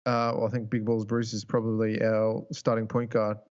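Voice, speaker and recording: A young Australian man co-hosting a podcast, explaining his points in a measured, casual way. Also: fairly low pitch, completely flat delivery, a little mellow, smooth, muffled recording. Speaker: podcast co-host. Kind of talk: casual chat.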